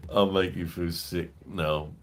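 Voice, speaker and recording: Deep-voiced crude London man chatting. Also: fairly even intonation, slow, fairly bright tone. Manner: crude, rambling and joking, swears freely. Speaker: host of a beer review livestream. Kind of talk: casual livestream chat reading viewer comments.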